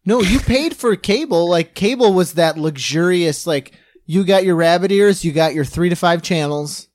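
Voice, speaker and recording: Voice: mid-range voice, normal speed, darkish tone, no room sound, studio quality. An adult co-host in a casual movie recap chat, crude and sardonic. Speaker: podcast co-host.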